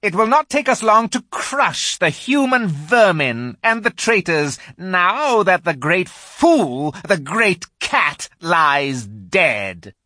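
A man reading a storybook aloud, voicing a cruel female witch who taunts her victim slowly and shrilly. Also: sing-song, dry recording, clean studio sound, full character voice. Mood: triumphant. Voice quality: shrill, high, forceful. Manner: slow taunting stresses, rising to shrieks.

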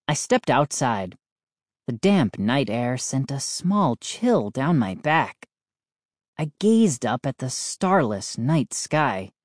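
A woman reading a storybook aloud in an expressive first-person narration. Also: a bass voice, slow pace, dry recording, clean studio sound. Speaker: audiobook narrator.

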